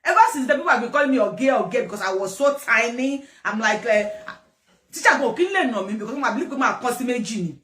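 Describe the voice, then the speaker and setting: A Nigerian woman with a very high voice gives casual, rambling commentary, often repeating herself and breaking into laughter. She sounds far from the mic, in an echoey room. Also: animated, quick pace, a bit bright. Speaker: commentator host. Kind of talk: casual commentary mixing English and Yoruba.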